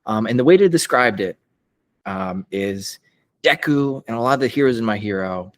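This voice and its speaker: A man's voice: medium pitch, normal speed. A young man, a voice actor, chatting as a guest in a casual podcast interview, upbeat and laughing often. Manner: upbeat, laughs often, lively when retelling.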